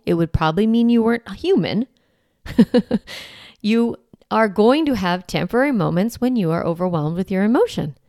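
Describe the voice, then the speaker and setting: A woman in her forties, a parenting coach hosting a solo podcast, talking in a conversational, lively way with playful asides. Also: mid-range voice, no room sound, clean studio sound. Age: 40s.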